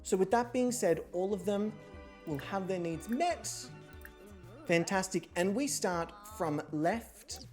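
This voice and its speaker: A woman hosting a livestream, chatting casually, swearing freely and poking fun at herself, with sudden loud excited outbursts. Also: mid-range voice, slow, soft background music. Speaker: streamer hosting an online reality show.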